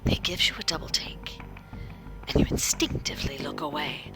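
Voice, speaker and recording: A woman game master giving whispered role-play narration in hushed, suspenseful tones and talking with her viewers. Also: rumbling low, huge pitch swings, normal speed, vocal fry. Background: music.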